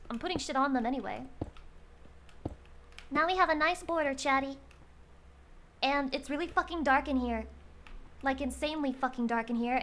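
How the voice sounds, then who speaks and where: Bright, high-pitched excitable woman streamer. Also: slight background noise. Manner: excitable, swears freely, talks to her chat. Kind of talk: casual live-stream chatter while playing a game.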